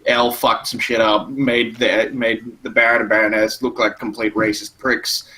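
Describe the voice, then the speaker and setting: A man's voice: on the low side, flat delivery, normal speed, bright, forceful tone, slightly rough, rough recording. A man playing a tabletop role-playing game, talking bluntly and casually. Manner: blunt, exasperated. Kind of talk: casual role-play chat.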